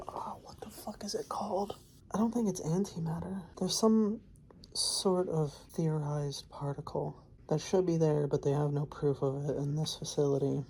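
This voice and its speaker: A woman's voice: low voice, vocal fry, dark tone, a little hiss or hum. A woman streaming from home, chatting in a loose, rambling way, swearing often and trailing off mid-thought. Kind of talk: casual rambling chat.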